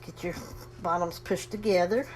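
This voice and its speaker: A woman's voice: fairly low pitch, fairly even intonation, moderate pace, darkish tone, slight background noise. A woman casually demonstrating a sewing project, chatty and folksy, talking herself through each step and breathing a little heavily. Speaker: crafting tutorial host.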